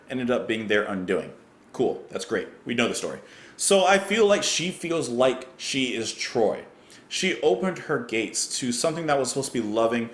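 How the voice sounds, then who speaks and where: A man's voice: medium pitch, fairly bright tone, echoey room. A man hosting a music reaction channel, thoughtfully reading lyrics aloud and explaining what they mean. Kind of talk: song reaction and lyric breakdown.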